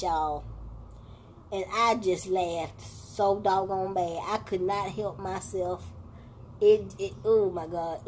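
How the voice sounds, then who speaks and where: Slow, animated woman vlogger chatting. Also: a little high, breathy edge. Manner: animated storytelling, addresses viewers as y'all, laughing asides. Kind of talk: casual reaction chat.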